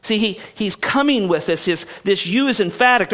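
A man's voice: high-pitched, normal speed. A male pastor preaching an expository sermon, acting out the people he quotes and often restarting his sentences. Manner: animated, acts out quoted speakers, frequent restarts.

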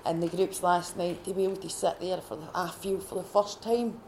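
A Scottish woman at a faith retreat, sharing her personal testimony in a heartfelt, halting way with many restarts. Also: fairly low pitch, steady tone, a little mellow, a little hiss or hum. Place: retreat gathering room.

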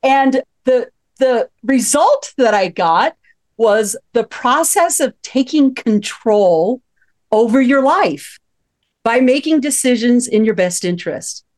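A woman in her fifties, a psychologist hosting a radio talk show, telling a story in a lively, chuckling way. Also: on the high side, slow pace. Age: 50s. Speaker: host, psychologist.

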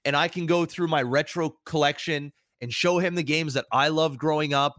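A man's voice: normal speed, no echo, studio quality. A man in his thirties, a podcast co-host and streamer, talking candidly and reflectively in casual chat. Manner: candid, reflective, animated rises in pitch.

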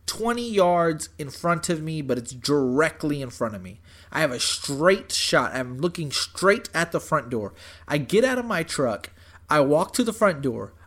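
A young man telling a story in casual chat, animated and profane, saying "dude" and "bro" constantly. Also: a little high.

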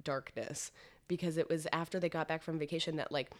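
A woman with a slightly low voice chats casually about a film. She leans on fillers and acts out quoted reactions as she retells the scenes. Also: fairly even intonation, fairly quick. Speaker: podcast guest.

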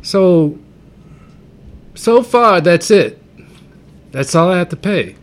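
A man co-hosting a podcast, talking in a casual, unhurried way and venting his frustrations with plenty of fillers. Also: high-pitched, expressive. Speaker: podcast co-host. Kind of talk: casual chat.

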